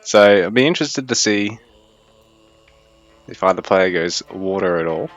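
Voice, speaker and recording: A young man giving casual, chatty game commentary, thinking aloud in a fairly even delivery. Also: low-pitched, a little slow, lo-fi sound, soft background music. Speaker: esports caster.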